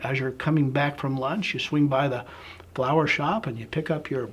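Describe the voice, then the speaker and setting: A man being interviewed, walking through a long hypothetical scenario in a relaxed, storytelling way and often checking in with "right?". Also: mid-range voice, moderate pace. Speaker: interviewee, business founder.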